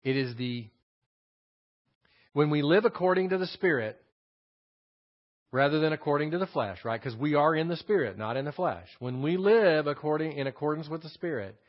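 A man's voice: on the high side, animated, moderate pace, long pauses. Texan preacher guy breaking down greek words, says stuff twice, kinda muffled old recording. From Texas. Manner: repeats key phrases, explains Greek words. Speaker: pastor teaching scripture. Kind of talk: expository Bible teaching. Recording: dull lo-fi sermon recording.

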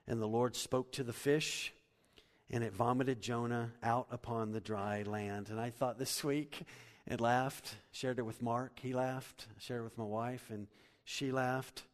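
A middle-aged male pastor preaching a sermon, animated, swinging from loud to hushed. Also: lowish voice. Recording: long hall reverb.

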